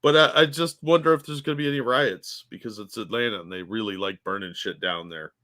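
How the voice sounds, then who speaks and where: Blunt man with a bright voice. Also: fairly low pitch, a little fast. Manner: blunt, profane quips. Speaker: podcast co-host. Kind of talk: casual chat.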